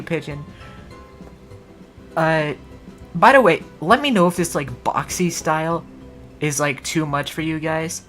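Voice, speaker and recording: Wry, rambling woman streamer. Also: low-pitched. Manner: rambling, wry and sarcastic, trailing off into laughs. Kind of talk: casual livestream chat.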